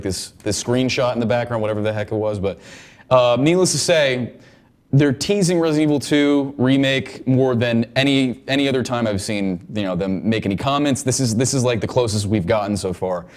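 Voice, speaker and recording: A man co-hosting a gaming podcast in casual chat, rambling and repeating words as he gets excited about game news. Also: medium pitch, fairly quick. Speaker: podcast co-host.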